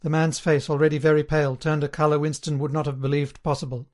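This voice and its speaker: A man narrating an audiobook in a steady, measured way. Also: fairly high pitch.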